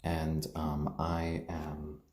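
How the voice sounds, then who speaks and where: A man with a mixed British and American accent, chatting gently on a live stream and cooing to his pets. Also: rumbling low, monotone, drawn-out words, reverberant. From born in Tokyo, raised British and American. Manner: gentle, soft-spoken, coos at pets. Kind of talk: casual live-stream chat.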